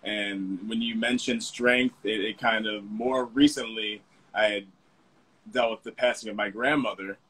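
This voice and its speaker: A man being interviewed as a guest, speaking in a reflective, earnest and soft-spoken way. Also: on the low side, steady tone, a little slow, husky, low-quality recording. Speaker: guest, fashion model. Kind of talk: casual interview.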